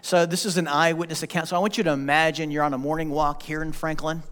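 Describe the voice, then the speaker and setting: A man preaching a sermon as pastor, animated and joking as he tells the story. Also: fairly high pitch, quick pace, smooth. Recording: long hall reverb.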